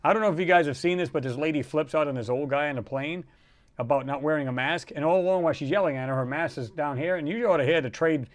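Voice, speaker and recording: A man hosting a casual livestream, rambling and animated as he reads out viewer comments and reacts to them. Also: fairly high pitch, quick pace. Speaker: livestream host.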